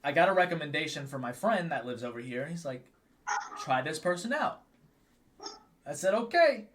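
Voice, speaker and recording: A man's voice: fairly high pitch, moderate pace, slight background noise. A man hosting a podcast, telling stories in casual chat with frequent laughs. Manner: animated storytelling, laughs often. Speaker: podcast host.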